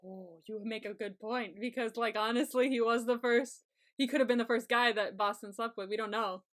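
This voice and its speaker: A woman's voice: a little high, steady tone, normal speed, a bit bright. A woman co-hosting a podcast, reacting to a TV episode recap in casual chat and laughing often. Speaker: podcast co-host.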